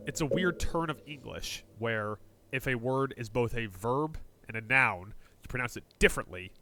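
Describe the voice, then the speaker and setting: Man co-hosting a podcast, animated delivery, bright voice, jokey and swearing. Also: mid-range voice, normal speed. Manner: jokey, excitable, swears, punning asides. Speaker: podcast co-host. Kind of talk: casual sports podcast chat.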